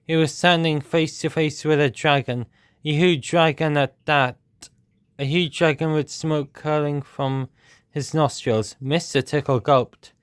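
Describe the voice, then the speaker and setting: A man reading a children's storybook aloud at a steady, measured pace. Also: a little high, clear, resonant tone, no room sound, clean studio sound.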